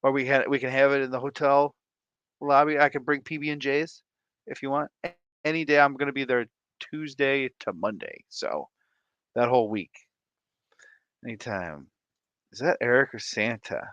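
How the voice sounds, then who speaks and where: A man's voice: medium pitch, steady tone, normal speed, pauses often, fairly bright tone, dry recording, highs cut off. A man in his thirties hosting a casual live stream, playful and sing-song as he greets viewers by name, sounding tired. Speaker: livestream host.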